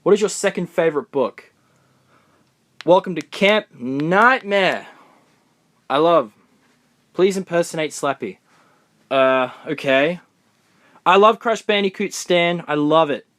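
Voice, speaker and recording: A young man from Australia chatting excitedly through a live Q&A stream, recorded on his phone in a room of books. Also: fairly high pitch. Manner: chatty, excitable, answers comments on the fly. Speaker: fan vlogger. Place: room full of books, indoors.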